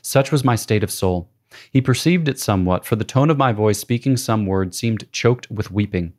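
A priest reads a spiritual classic aloud, his voice sitting a little low. His delivery is measured and solemn, like a scripted reading. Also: a little mellow.

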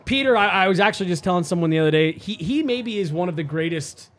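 A man hosting a relaxed sports talk show muses on the game and often restarts his thoughts. His voice sits fairly high for a man. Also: quick pace. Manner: thoughtful, musing, with many restarts. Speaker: podcast host. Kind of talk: casual sports chat.

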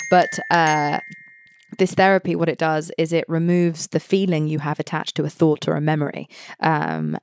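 A woman in her thirties chatting frankly and briskly as a podcast guest. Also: deep voice, a little mellow, clean tone, no room sound, studio quality. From England. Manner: frank, brisk, swears casually. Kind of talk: casual podcast chat.

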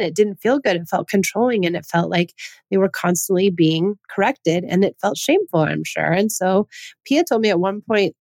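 A woman's voice: a little mellow, no echo. Earnest woman podcaster, dry close sound. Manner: earnest, asks many questions; acts out quoted parents in higher voice. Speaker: parenting podcast host. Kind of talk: solo podcast talk.

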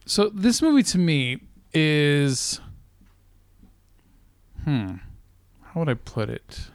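A man's voice: fairly high pitch, very animated, slow, clear, resonant tone, no room sound. A joking man co-hosting a casual movie review podcast. He rambles, loses his thread and laughs often, heard close in a dry room.

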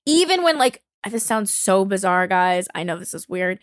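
Animated, chatty woman co-host. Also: medium pitch, moderate pace, no echo, studio quality. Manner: chatty, emphatic, laughs often, swears. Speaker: podcast co-host. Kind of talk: casual chat.

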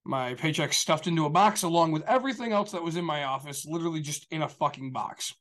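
A man's voice: on the high side, quick pace, fairly bright tone. A man talking casually on a show, telling a long story in a rambling, profane way full of fillers. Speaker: show regular. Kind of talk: casual chat.

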